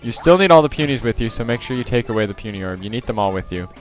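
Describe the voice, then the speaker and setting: A man's voice: medium pitch, lively intonation, rapid-fire, soft background music. Rambling man narrating gameplay. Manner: rambling, filler-heavy, self-correcting. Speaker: let's play commentator. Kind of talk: casual gameplay commentary.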